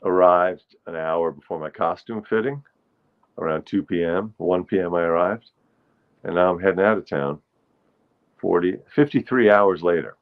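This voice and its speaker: A man hosting a casual solo livestream, chatting in a rambling way with viewers in the chat and now and then singing slowly to a ukulele. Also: low-pitched, narrow, tinny audio. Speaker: livestream host.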